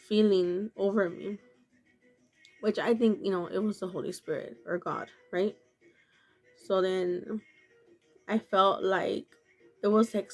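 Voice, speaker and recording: Slow, earnest woman vlogger. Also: mid-range voice. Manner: slow, earnest and confessional, many filler "like"s. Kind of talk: casual storytelling to camera.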